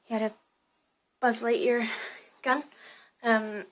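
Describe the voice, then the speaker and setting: A woman's voice: on the high side, flat delivery, slow, fairly bright tone, poor audio. A young woman telling a rambling story in a casual vlog, full of fillers and restarts, recorded on a phone in her bedroom. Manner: chatty, rambling, lots of fillers and self-corrections. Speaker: vlogger. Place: bedroom at home.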